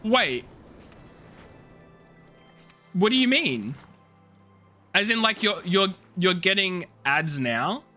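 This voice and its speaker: A man's voice: high-pitched, expressive, slow, sharp tone, soft background music. A young man chatting casually with viewers while streaming a game, teasing and rambling with many restarts. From Australia. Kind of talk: casual live-stream chat.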